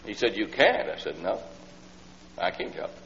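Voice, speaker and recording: A man preaching a folksy storytelling sermon and acting out the people in his story, sometimes rising to loud, pleading lines. The old LP recording is dull and lo-fi with a faint hum. His voice trails off into the long reverb of a large hall. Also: fairly low pitch, huge pitch swings, moderate pace.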